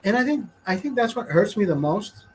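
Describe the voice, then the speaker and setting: A man's voice: high-pitched, big pitch swings, a little fast, slightly rough. A man talking to his stream in a rambling, emotional monologue, swearing often and talking to himself. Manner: rambling, heavy swearing, self-talk.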